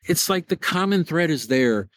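A man's voice: fairly high pitch, animated, moderate pace, a bit bright. A man hosting a solo podcast, telling a story in a casual, enthusiastic and rambling way, often repeating his words. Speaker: podcast host.

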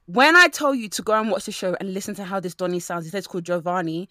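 A woman co-hosting a podcast in casual chat, talking in an animated way and mimicking the people she quotes. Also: medium pitch, fast, no echo, studio quality.

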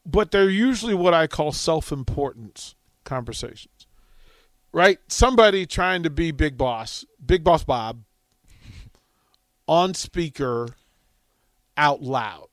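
Animated, high-voiced male radio host. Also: takes it slowly, long pauses, dry recording. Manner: animated, laughing storyteller. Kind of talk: storytelling on talk radio.

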